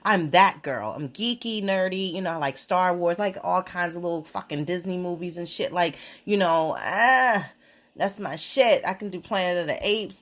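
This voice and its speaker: A woman in her thirties hosting a podcast, telling stories in a casual, profane way and mocking the people she quotes. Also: fairly low pitch. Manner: profane, animated storytelling with mocking quoted voices. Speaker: podcast host. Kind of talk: casual explicit monologue.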